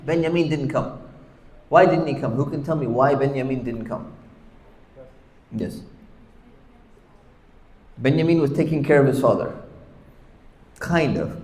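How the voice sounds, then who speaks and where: A man's voice: mid-range voice, darkish tone. Chatty male teacher in an echoey hall. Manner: chatty, keeps asking the audience questions. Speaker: Islamic teacher. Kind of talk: conversational Quran commentary class. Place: large Islamic center hall. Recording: echoey hall with long reverb.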